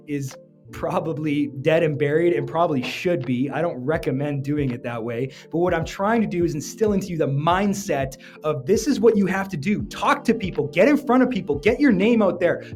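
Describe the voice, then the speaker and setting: Male entrepreneur, 30s, high-ish voice, punchy motivational delivery with jokes, soft music bed. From Canada. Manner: energetic, joking, emphatic. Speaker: entrepreneur giving business advice. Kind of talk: motivational business talk to camera.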